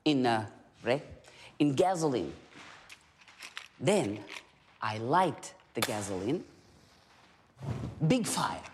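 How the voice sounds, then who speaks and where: A nervous yet defiant performance artist in a film scene. Her Slavic accent colors every slow, weighty phrase. The voice sits low and husky and rolls up and down dramatically. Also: slight background noise, full character voice. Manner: slow, theatrical, heavily accented delivery.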